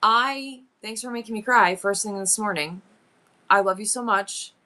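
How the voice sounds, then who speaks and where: A woman live-streaming to her viewers, chatting casually and excitedly as she thinks aloud through her numbers and goals. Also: mid-range voice, normal speed.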